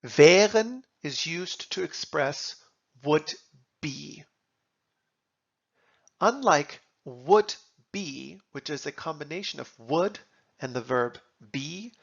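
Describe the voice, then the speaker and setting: A man teaching German grammar, reading example sentences and translating them in a slow, deliberate lesson. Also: on the high side, lively intonation, vocal fry, lo-fi sound.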